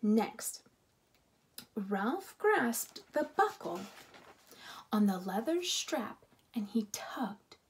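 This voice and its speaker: Woman reading a kids book, slow, creaky husky voice. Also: a little high, a little hiss or hum. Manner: expressive, unhurried storytelling. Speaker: narrator. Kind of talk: reading a children's book aloud.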